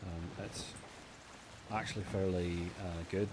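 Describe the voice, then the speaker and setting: A man's voice: lowish voice, unhurried, pauses often, noisy background. A man streamer chatting casually with his viewers, rambling along and laughing often.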